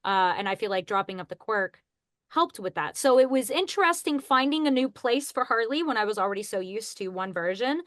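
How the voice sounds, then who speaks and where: A woman's voice: fairly high pitch, lively intonation, a little fast, fairly bright tone, no echo, studio quality. A young woman, a voice actress, chatting as a guest on a podcast in a bubbly way and laughing at herself. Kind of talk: casual podcast interview.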